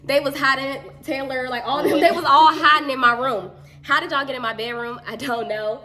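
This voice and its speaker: A woman telling a story in a casual chat, animated and slangy. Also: sits high, brisk, a crowd in the background.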